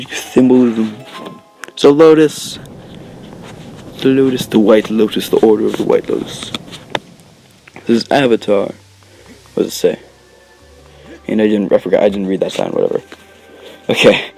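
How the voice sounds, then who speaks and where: A man's voice: mid-range voice, normal speed, pauses often, darkish tone, faint music behind, poor audio. A man giving casual, rambling gameplay commentary, joking and interrupting himself with lots of filler words. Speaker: let's play commentator. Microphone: desk mic, recorded after gameplay.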